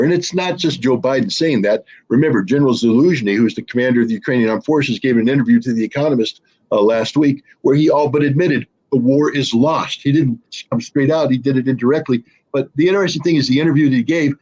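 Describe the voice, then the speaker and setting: A man's voice: medium pitch, quick pace, darkish tone, highs cut off. A man speaking as a guest commentator in an interview, blunt and sarcastic, with frequent fillers and restarts.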